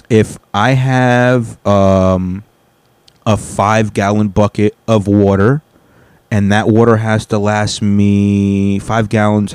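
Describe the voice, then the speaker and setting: A man with a lowish voice hosts a solo podcast from home. He rambles and swears in a casual rant, breaking off his own sentences, and the recording is dry and close with no room sound. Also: darkish tone, no room sound. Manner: rambling, profane, cuts himself off. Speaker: podcast host. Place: home apartment.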